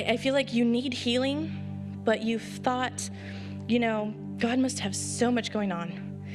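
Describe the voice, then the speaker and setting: Woman preaching, young adult, tender and near tears, conversational, soft music behind. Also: on the high side. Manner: conversational with quick acted asides. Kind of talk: sermon. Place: church service.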